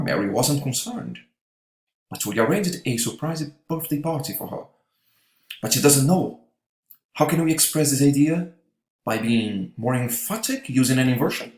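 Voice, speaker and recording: A man teaching an English grammar lesson, patient, checking in with "all right?" after each point. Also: medium pitch. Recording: echoey room.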